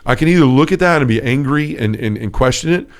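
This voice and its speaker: A man's voice: medium pitch, expressive, fast talker. A man co-hosting a casual faith podcast, telling stories earnestly with lots of fillers. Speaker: podcast co-host.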